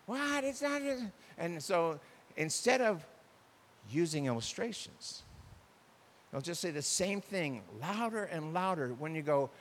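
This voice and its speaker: Animated man preaching in a reverberant hall. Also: on the high side, measured pace, a little hiss or hum. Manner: animated, acts out quoted spouses. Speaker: pastor. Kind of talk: sermon on marriage communication.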